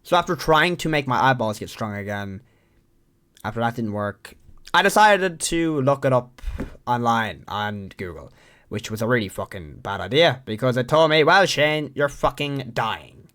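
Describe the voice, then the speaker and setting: Lively swearing Irish young man. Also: mid-range voice, moderate pace. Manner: profane, rambling, self-mocking. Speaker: vlogger. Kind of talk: casual storytelling to camera.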